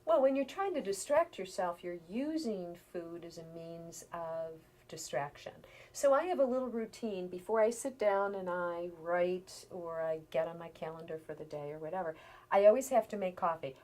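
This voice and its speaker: A middle-aged woman talks through ideas in an unhurried, explanatory way, her voice sitting a little on the low side. At times she drops almost to a whisper before picking back up. It sounds like a relaxed one-on-one interview. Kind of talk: conversational interview.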